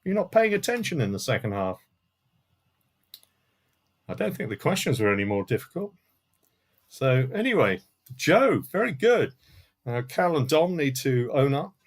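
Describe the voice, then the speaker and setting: A man's voice: fairly high pitch, big pitch swings, normal speed, pauses often. Chatty man hosting a music quiz. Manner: chatty, with asides and dry jokes. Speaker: quiz host. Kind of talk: live-streamed music quiz reading answers. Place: home room in front of a CD collection.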